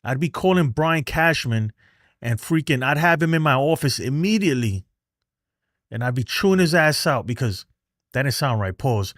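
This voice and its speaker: A man's voice: on the high side, lively intonation, moderate pace, no echo, clean studio sound. A man hosting a baseball fan show, ranting heatedly on a livestream and reading chat messages, exasperated, profane, and often repeating himself.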